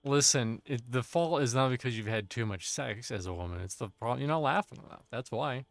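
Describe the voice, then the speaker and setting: A male streamer chatting loosely and joking with friends as he plays. His voice sits in an ordinary middle pitch, recorded dry and close. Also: brisk, no room sound. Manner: joking, playful. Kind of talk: casual chat while gaming.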